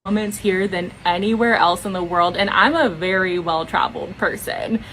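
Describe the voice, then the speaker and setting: A woman's voice: fairly low pitch, normal speed, a bit bright, slight background noise, rough recording. A young woman talking to camera in a casual vlog, with a Valley-girl manner and lots of "like".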